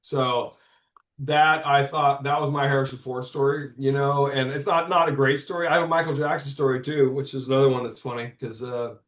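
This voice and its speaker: A man's voice: mid-range voice, fairly even intonation, a little fast, a bit bright, echoey room. A man in his fifties telling stories in a casual podcast chat, rambling with lots of restarts and the odd curse. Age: 50s. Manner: rambling, frequent restarts and profanity. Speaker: comics publisher guest.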